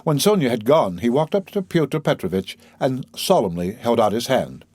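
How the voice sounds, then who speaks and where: A man narrating a classic novel as an audiobook in a steady, plain reading voice. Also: medium pitch, normal speed, husky, no echo. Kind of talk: scripted narration.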